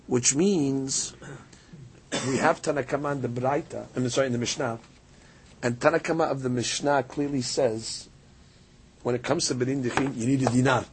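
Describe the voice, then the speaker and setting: A man's voice: mid-range voice, moderate pace, slight background noise. A man teaching a Talmud lesson, explaining a passage back and forth and reading out Aramaic lines between English explanations. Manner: animated, rises sharply on key points.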